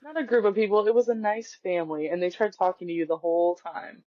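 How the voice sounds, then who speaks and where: A woman's voice: on the low side, fairly even intonation, dry recording, dull audio. A woman with a Wisconsin accent, a podcast guest chatting casually and laughing often. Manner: laughing, quick interjections. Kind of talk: casual chat.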